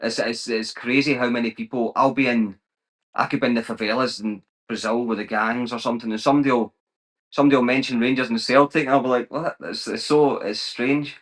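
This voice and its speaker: A man's voice: mid-range voice, steady tone, fairly quick, a bit bright. A young Scottish man in his twenties, a guest on a podcast, talking casually with lots of restarts and slang. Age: 20s. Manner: chatty, many restarts, colloquial slang. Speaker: guest, travel vlogger.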